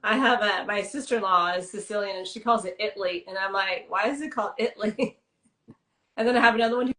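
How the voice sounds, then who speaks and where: A woman's voice: mid-range voice, fast, sharp tone, echoey room. A woman chatting casually on a video call, laughing often and mimicking voices. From Texas. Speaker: writing sprint host. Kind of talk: casual chat.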